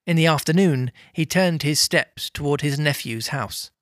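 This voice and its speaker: A man reading a novel aloud with lively, amused storytelling. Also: on the high side, normal speed, no echo, studio quality. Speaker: reader.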